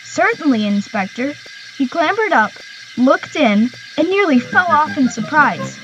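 A woman narrating a children's railway story in a gentle, measured reading voice. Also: high voice, very animated, lo-fi sound, a little hiss or hum. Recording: music bed behind the voice. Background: background music.

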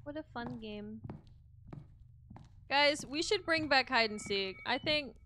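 A woman's voice: high voice, takes it slowly, pushed and bright, a little hiss or hum. A young woman streaming a horror game, swearing freely, reacting jumpily and talking to her chat. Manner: profane, jumpy, talks to chat. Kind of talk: horror game let's play. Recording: game music behind voice.

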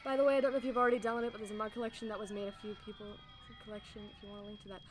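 A woman game streamer chatting excitedly with her viewers while playing, laughing often. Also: medium pitch, racing, slight background noise. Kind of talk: excitable live-stream chat.

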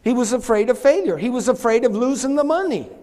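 A man's voice: extremely high pitch, animated, quick pace, mellow, big-room sound. A man preaching a sermon as pastor, emphatic, calling on the congregation to answer back. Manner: emphatic, calls for congregation responses. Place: church sanctuary.

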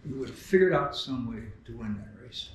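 A man's voice: mid-range voice, animated, brisk, recorded from a distance, heavy background noise. An older man telling sailing anecdotes at a memorial, often laughing as he talks. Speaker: memorial speaker, skipper. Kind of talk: storytelling eulogy. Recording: very echoey hall.

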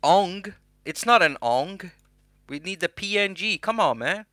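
Bright-voiced man joking through a tutorial. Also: high voice, lively intonation, measured pace, no room sound. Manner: joking, self-mocking, chatty. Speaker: host. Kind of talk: casual software tutorial.

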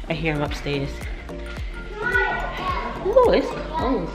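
A woman vlogger with a deep voice and wildly swooping pitch talks extremely slowly, with long pauses, during a casual tour of a large vacation house. She laughs a lot, thinks out loud and later moves onto a deck, with background music beneath her.

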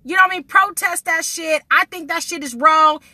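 A woman's voice: very high-pitched, a little fast, bright, forceful tone, no room sound. A woman, ranting to her camera in a blunt, indignant vlog full of swearing. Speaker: vlogger. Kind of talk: casual vlog rant to camera.

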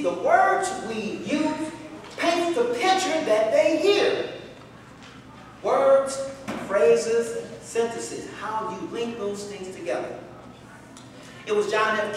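A man with a Midwestern American accent teaching a public speaking workshop, emphatic and dramatic, with strategic pauses. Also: high voice, slight background noise. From Midwestern United States. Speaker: speaking instructor. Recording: echoey hall recorded from far off.

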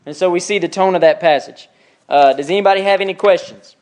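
A man's voice: high-pitched, fast, a little mellow. A man teaching a church Bible class in a conversational way, asking the class questions and reading scripture aloud with emphasis.

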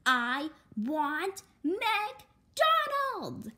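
A woman voicing a loud, whiny little girl who demands her way in a storybook read-aloud. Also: wildly swooping pitch, very slow, exaggerated voice. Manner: shrill, demanding.

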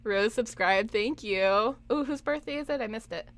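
A woman's voice: on the high side, moderate pace, no room sound. A young woman chatting through a live game stream, giggling often and reacting to her chat. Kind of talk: live gameplay commentary.

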